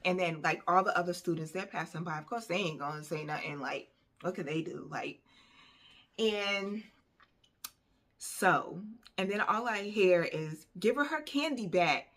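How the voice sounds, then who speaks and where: Animated woman telling a story, bright tone. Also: fairly low pitch, a little slow, long pauses. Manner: animated, conversational, lots of fillers. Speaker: vlogger. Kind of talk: storytime vlog.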